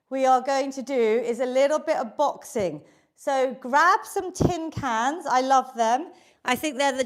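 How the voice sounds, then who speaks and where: A British woman leading a live online exercise class, upbeat and encouraging, counting down reps and a little out of breath. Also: high voice. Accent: British English. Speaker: fitness instructor. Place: home workout room.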